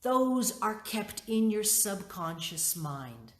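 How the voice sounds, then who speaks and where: A middle-aged woman leading a workshop, teaching and telling a personal story in an expressive way, acting out her own thoughts. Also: mid-range voice, slow. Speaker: workshop leader. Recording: roomy echo.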